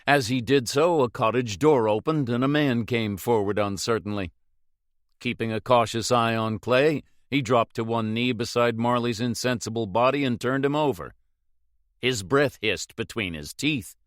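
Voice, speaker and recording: A man narrating an audiobook in a measured, dramatic reading. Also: medium pitch, no echo, studio quality.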